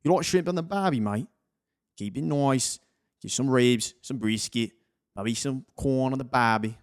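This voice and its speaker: A man's voice: medium pitch, a little slow, natural voice. A man putting on a jokey Australian accent, playing a jolly barbecue-loving Australian guy. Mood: joking. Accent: put-on Australian.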